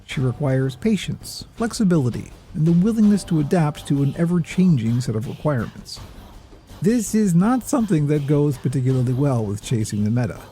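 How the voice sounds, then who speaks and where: Hosting a gaming video, a man reads measured, somewhat pretentious scripted narration over faint background music. His voice sits on the high side, warm and mellow, rising and falling with lively movement.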